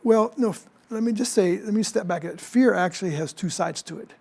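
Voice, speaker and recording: A man's voice: sits high, brisk, vocal fry, a little mellow. A man in his seventies, a psychologist guest in a TV studio interview, explaining his points with frequent restarts. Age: 70s. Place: TV news studio.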